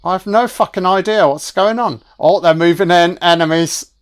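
A man's voice: high-pitched, moderate pace, clean tone. Sweary man riffing on a film. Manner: sweary, wisecracking, talks back at the screen. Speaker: film commentator. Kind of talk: casual first-watch film commentary. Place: home recording, voice only.

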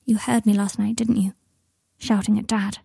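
A woman's voice: medium pitch, level tone, normal speed, creaky, mellow, slightly rough, no room sound, studio quality. A woman voicing a nervous, formal young boy in a storybook reading. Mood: anxious. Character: nervous polite eleven-year-old boy.

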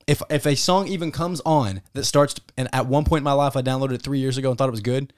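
A man's voice: medium pitch, fairly even intonation, fast. A man ranting indignantly and profanely as a sports podcast co-host. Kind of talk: casual podcast rant.

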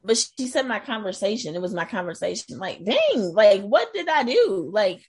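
Woman, middle-aged, from Iowa, husky voice, casual chat, laughs a lot. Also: medium pitch, sing-song, normal speed, a little mellow. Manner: chatty, laughs often, trails off into self-doubt. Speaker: guest sharing her experience. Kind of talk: casual conversation.

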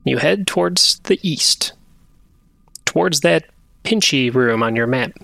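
A man's voice: medium pitch, measured pace, vocal fry, no echo. Man narrating as game master. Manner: relaxed, conversational narration.

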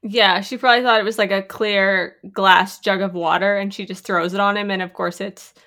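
A woman's voice: fairly even intonation, moderate pace, sharp tone. A woman co-hosting a podcast, chatting casually about a film and laughing often. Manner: chatty, laughs often, jumps into high voices for quotes. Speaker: podcast co-host.

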